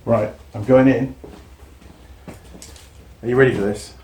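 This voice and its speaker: A man's voice: medium pitch, steady tone, unhurried, a little mellow, a little hiss or hum. A man hosting a mechanics channel, telling a story in casual workshop chat and swearing now and then.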